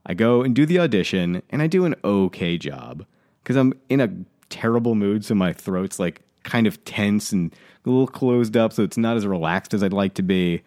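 A man co-hosting a casual podcast, telling an annoyed story with lots of swearing and lively venting. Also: lowish voice, moderate pace. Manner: animated, swears, worked up while telling a story. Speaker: podcast co-host.

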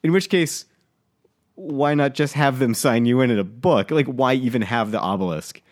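A man co-hosting a casual podcast, telling an annoyed story with lots of swearing and lively venting. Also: mid-range voice, normal speed. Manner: animated, swears, worked up while telling a story. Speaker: podcast co-host.

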